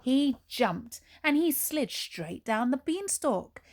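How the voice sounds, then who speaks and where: Give me a teacher reading a storybook very slowly. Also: female voice, sits high. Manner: slow and expressive, with dramatic pauses. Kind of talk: storybook read-aloud for young children.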